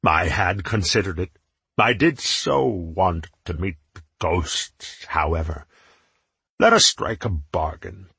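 A man voicing a pompous, gluttonous warlord who makes cruel threats in a slow, menacing way. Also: low voice, vocal fry, sharp tone, breathy edge, no room sound, exaggerated voice.

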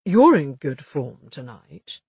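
A man voicing a shrewd male police detective in an audiobook, measured and wry, with a slightly husky voice. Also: fairly high pitch, very animated, darkish tone, dry recording, full character voice. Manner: measured, wry, matter-of-fact. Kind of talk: audiobook dialogue reading.

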